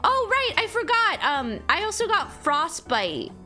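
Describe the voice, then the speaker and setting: A woman's voice: extremely high pitch, wildly swooping pitch, a little slow, over loud music. A young woman streaming, chatting casually with her viewers, rambling with lots of fillers and laughing as she goes. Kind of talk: casual chat reading chat aloud.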